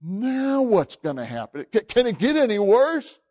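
A man's voice: high-pitched, sing-song, moderate pace, darkish tone, slightly rough, lo-fi sound, exaggerated voice. A man voicing frightened guilty brothers who stammer in alarm. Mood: panicked. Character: panicked guilty brothers, grown men, frightened.

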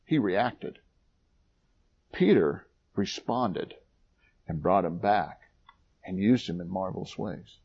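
A man preaching a sermon, reading scripture aloud in a rising, dramatic voice and dropping low and quiet for his own asides. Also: expressive, takes it slowly, pauses often, breathy edge, dull audio.

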